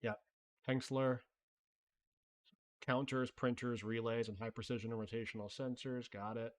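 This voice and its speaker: Man, live stream host, casual chatty, thinking out loud, mid pitch. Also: flat delivery, moderate pace. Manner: loose and conversational, thinking aloud, swears casually. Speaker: livestream host. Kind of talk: casual live stream chat reading viewer messages.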